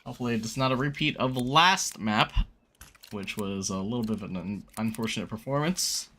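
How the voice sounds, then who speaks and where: Solo esports caster over game gunfire. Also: male voice, fairly low pitch, brisk, slight background noise. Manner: excitable, rises sharply on big plays. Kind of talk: play-by-play esports commentary. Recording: game gunfire and clicks behind the voice.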